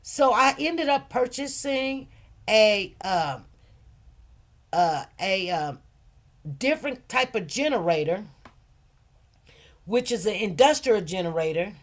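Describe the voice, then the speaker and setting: A woman hosting a casual livestream, chatty and rambling, repeating phrases and talking in relaxed informal grammar. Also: medium pitch, slow pace, long pauses. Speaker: livestream host and food truck owner.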